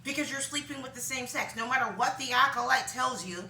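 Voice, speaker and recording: Woman vlogger, rambling casual talk, very bright voice, slightly high, distant mic in an echoey room. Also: a little fast, a little hiss or hum. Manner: rambling, frequent ums, laughs at herself. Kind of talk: casual opinion monologue. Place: home room with laundry behind her.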